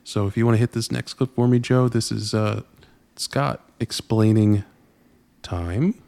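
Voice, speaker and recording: Male podcast host, low gravelly voice, animated and profane. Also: measured pace. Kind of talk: casual movie recap chat.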